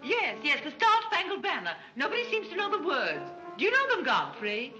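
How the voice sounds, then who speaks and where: An actress playing a flighty, scatterbrained rich matron who rambles giddily in 1930s screwball film style. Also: female voice, high-pitched, huge pitch swings, a little fast, bright, forceful tone, exaggerated voice. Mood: giddy. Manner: giddy, rambling, airheaded chatter. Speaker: scatterbrained society mother. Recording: muffled 1930s film soundtrack with music.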